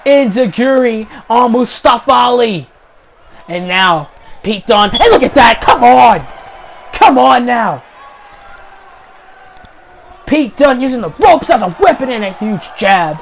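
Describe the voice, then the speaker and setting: A man calling play-by-play wrestling commentary over gameplay, excitable, shouting the big moves and repeating each call. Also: very high voice, takes it slowly, long pauses, slight background noise, poor audio. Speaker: YouTube gaming channel host.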